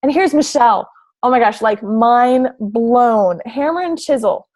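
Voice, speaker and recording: Young woman, fitness coach, talking through slides, bubbly and gushing, slightly high voice. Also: a little slow, a little mellow. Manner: bubbly and gushing, lots of "like" and "oh my gosh". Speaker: fitness coach presenting to prospective recruits. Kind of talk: enthusiastic presentation over slides.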